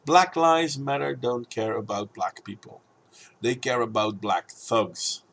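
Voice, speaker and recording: A man's voice: medium pitch, takes it slowly, creaky, fairly bright tone, slight background noise. A man uploading a video, giving argumentative opinion commentary straight to his viewers. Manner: argumentative, talking to camera.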